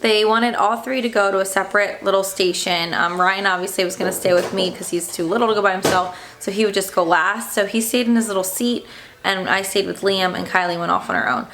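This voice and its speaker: Uma mãe jovem que narra num vlog casual uma ida difícil ao dentista, em tom indignado e aflito, com muitas hesitações. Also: female voice, mid-range voice, fairly even intonation, brisk, a bit bright, a little hiss or hum. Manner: upset, indignant retelling with fillers. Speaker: stay-at-home mom vlogger.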